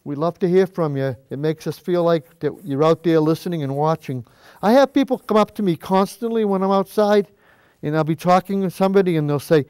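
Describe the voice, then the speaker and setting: An older man with a slightly high voice talks through a painting lesson in a folksy, chatty way and drifts into asides as he works. The studio sound is dry and close, though he fades now and then as he steps back from the canvas. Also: a little fast, darkish tone, clear, resonant tone, no echo. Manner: moves away from the mic to step back and view the canvas. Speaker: painting show host. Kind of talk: casual painting demonstration. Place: high school cable TV studio.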